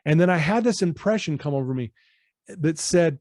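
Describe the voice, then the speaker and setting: Coach in his fifties, podcast guest. Earnest, animated storyteller, slightly high pitch. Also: moderate pace, no room sound, clean studio sound. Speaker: guest, personal-development coach.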